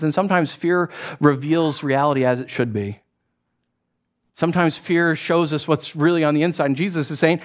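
Male pastor, middle-aged, lively sermon delivery, slightly higher voice, storytelling with restarts. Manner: animated storytelling with many restarts and acted asides.

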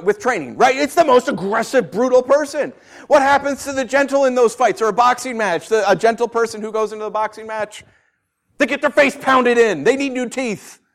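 Male preacher, high, very expressive pitch; dramatic sermon delivery with rhetorical questions. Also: creaky. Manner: animated, rhetorical questions, swings from quiet to loud.

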